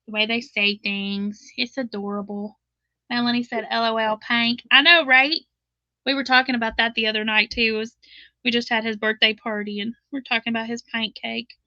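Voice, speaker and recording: A woman's voice: a little high, steady tone, moderate pace, pushed and bright, no room sound, highs cut off. A middle-aged woman with a Southern drawl, chatting casually as host of a live crochet stream, laughing often and reading viewer comments aloud.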